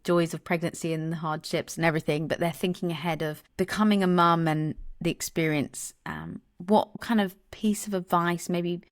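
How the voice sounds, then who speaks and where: A woman's voice: lowish voice, normal speed, few pauses. A woman hosting a podcast, talking openly in a casual, emphatic way. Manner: open, emphatic, animated storyteller. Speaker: podcast host. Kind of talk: casual conversational interview.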